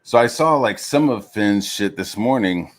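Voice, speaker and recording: A man's voice: fairly low pitch, animated, unhurried. A man ranting heatedly as a streamer, swearing constantly, with lots of fillers, mocking other people in raised voices. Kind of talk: profane rant.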